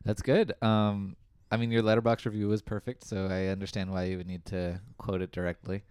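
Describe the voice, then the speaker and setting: A man's voice: fairly low pitch, flat delivery, fairly quick, a little mellow, clean tone, no echo, studio quality. A young man co-hosting a casual podcast, teasing his co-host and laughing often.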